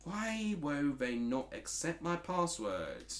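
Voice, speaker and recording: A chatty man with an Essex accent streams a football watchalong, his pitch bouncing up and down as he reads out chat messages. He sounds like he's in an echoey room. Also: big pitch swings, slow pace. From Essex, England. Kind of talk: casual football watchalong commentary.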